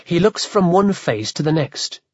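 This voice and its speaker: A male narrator reads a story aloud with lively, shifting pitch and a slightly husky tone. The recording is dull and dry. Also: dry recording. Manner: vivid, measured storytelling. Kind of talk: audiobook narration.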